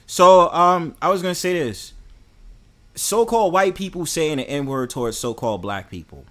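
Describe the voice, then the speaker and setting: A young man with a New York accent, ranting in a casual, profane and animated way to his live chat. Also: on the high side, normal speed. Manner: profane, animated, heated and joking. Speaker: host.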